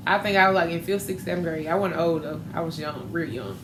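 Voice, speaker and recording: A young woman hosting a podcast, telling a story in an animated, playful way. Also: fairly low pitch, fast, reverberant, background noise. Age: young adult. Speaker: podcast host. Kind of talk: casual chat.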